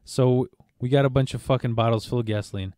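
Male podcast host, mid-pitched, dry close sound, rambling and profane storyteller. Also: steady tone, quick pace, dark tone, no room sound. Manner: rambling, profane, stammers and restarts. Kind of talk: casual storytelling chat.

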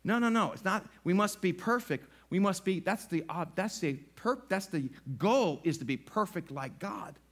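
Middle-aged guy preaching in church, high voice, lively, does little voices. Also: normal speed, few pauses. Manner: animated, acts out little voices. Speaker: pastor. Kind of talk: sermon. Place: church sanctuary.

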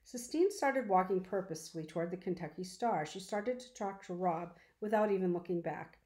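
A woman reads a children's novel aloud in a calm, measured way. Her voice sits on the low side. The recording has a roomy echo. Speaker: audiobook reader.

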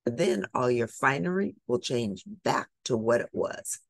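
A woman voicing a kind, plump little fairy godmother in a storybook, gentle and a bit fussy. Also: a bass voice, animated, measured pace, no room sound, exaggerated voice. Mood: kindly.

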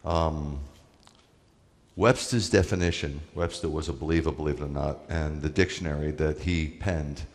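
A rabbi preaches in a relaxed, conversational way and leans hard on his key points. His voice is very low, and a long reverb trails each phrase, as in a large hall. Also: normal speed. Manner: conversational, emphatic preaching with asides to the congregation. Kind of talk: sermon.

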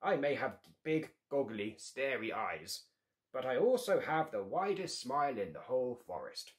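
A man voicing a plump little frog in a storybook reading, with a small croaky voice and a knowing manner. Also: medium pitch, very animated, measured pace.

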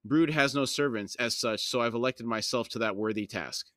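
A man reading the part of a dry, wry veteran soldier commander in an understated, slightly lower voice. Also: moderate pace, fairly bright tone, dry recording, lightly acted.

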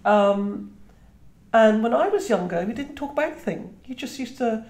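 She has a fairly high, expressive voice, slightly mellow, at a normal speed. The speaker, a woman in her fifties from Trinidad using British English, is a guest author in a conversational interview, speaking reflectively with many restarts and plenty of "you know." Echo from the room is audible.

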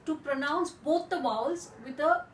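A woman teaching French in a lesson, explaining slowly and repeating words for practice. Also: high-pitched, roomy sound, far from the mic, a little hiss or hum, poor audio.

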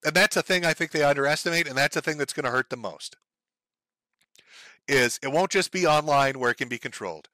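A man's voice: a little high, lively intonation, a little fast, sharp tone, dry recording, studio quality. A man giving a heated, profane political rant, full of sarcastic mocking impressions. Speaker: commentary streamer. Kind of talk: ranting political commentary.

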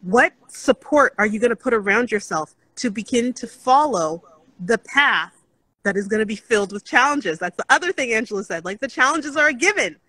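A woman's voice: a little high, expressive, normal speed, pushed and bright, breathy edge, rough recording. A woman co-hosting an interview podcast, talking in an earnest, encouraging way about faith and support, with many restarts. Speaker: podcast co-host. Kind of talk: casual interview chat.

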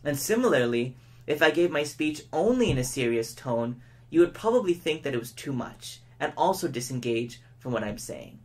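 A man giving a public speaking lesson, who shows each point by speeding up, slowing down and shifting his tone of voice. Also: mid-range voice, expressive, darkish tone. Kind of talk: educational lesson to camera.

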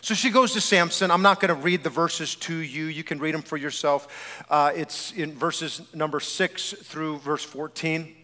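A male pastor delivers an animated sermon, teasing and addressing the congregation directly. His voice sits high and sounds bright and forceful. A long church-hall reverb trails his words. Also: normal speed. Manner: animated, joking preacher speaking straight to the congregation. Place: church sanctuary.

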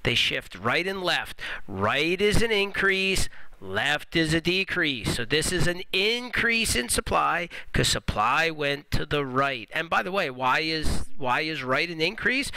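A man teaching economics in a recorded lecture over graphs, stressing and repeating key points slowly. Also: on the high side, gravelly, bright, forceful tone, clean tone, no echo, low-quality recording.

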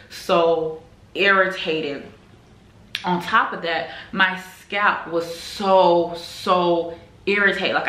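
A woman's voice: lowish voice, fairly bright tone. A young woman chatting casually to camera at home, full of "like" and "girl" as she talks to her viewers. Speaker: vlogger. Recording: echoey room.

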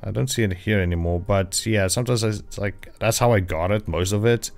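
Royalty-free music plays behind a man chatting on a survival-game livestream. His voice sits on the low side and moves a little fast, and his casual talk wanders, packed with fillers and self-corrections.

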